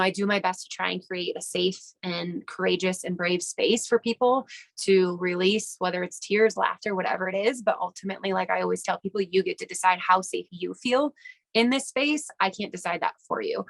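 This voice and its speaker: Gravelly-voiced woman podcast host. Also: fairly low pitch, fairly even intonation, moderate pace. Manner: reflective, poses rhetorical questions. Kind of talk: casual conversation.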